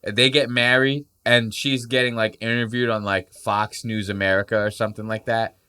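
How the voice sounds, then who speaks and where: A young man riffs on clips for his podcast, crude and mocking, with swearing all through. His voice is lowish but bright and forceful. It sounds dry and close to the mic. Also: level tone, normal speed, clear, resonant tone, no echo. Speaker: podcast host. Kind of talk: casual reaction commentary.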